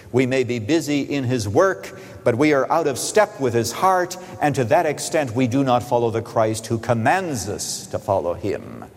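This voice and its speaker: A man preaching a sermon, rising loud on key phrases and dropping to a soft, quiet delivery. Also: mid-range voice. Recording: long hall reverb.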